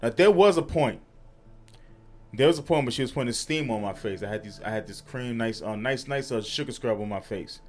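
Fairly quick and mid-range in pitch, this New Yorker's voice carries his stories on the podcast he co-hosts. He chats casually, swears freely, and laughs his way through each tale.

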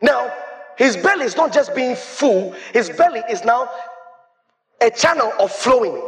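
A man preaching a sermon as pastor, quoting scripture and breaking into shouts. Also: extremely high pitch, big pitch swings, a little slow.

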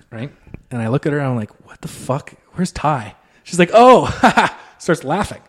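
Very animated and at a moderate pace, a podcast co-host with a slightly high voice tells a story in casual chat. Profanity flows freely as he acts out each quote.

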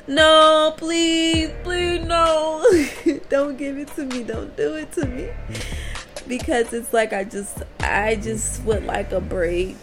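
A woman vlogger talking candidly to her viewers, her voice worn from recent crying, confiding and laughing through her frustration. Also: mid-range voice. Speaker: spiritual vlogger. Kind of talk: candid casual monologue to viewers.

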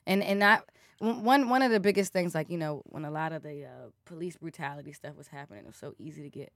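Expressive slangy woman chatting. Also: low voice, quick pace, no echo, studio quality. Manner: expressive, slangy, swings between loud and soft. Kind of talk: casual conversation.

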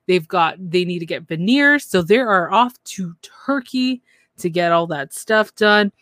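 A podcast co-host runs through a reality TV episode in a loose, gossipy way, chatty and quick to mimic people. The recording is dry and close, with no room sound. The voice sits at an ordinary middle pitch. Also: no room sound. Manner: chatty, lively, mimics cast members mockingly. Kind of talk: casual reality TV recap.

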